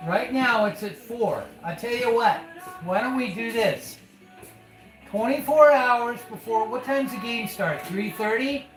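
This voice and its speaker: A man's voice: extremely high pitch, measured pace. A man hosting a casual live stream as a father, folksy and chatty, calling his listener son. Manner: folksy, calls the listener son, chatty about betting odds. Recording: echoey room with loud music.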